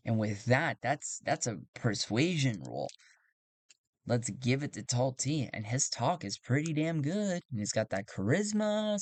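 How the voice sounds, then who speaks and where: A man narrating a solo tabletop game, thinking aloud and getting excited over dice rolls. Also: mid-range voice, no room sound. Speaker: solo game player and game master.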